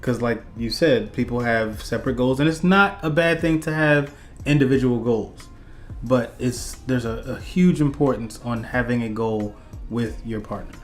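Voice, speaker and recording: A man's voice: mid-range voice, normal speed, soft background music. Supportive man co-hosting a couples chat. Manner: supportive, affirming, adds his own points. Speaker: co-host of a couples channel. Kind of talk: casual relationship advice chat.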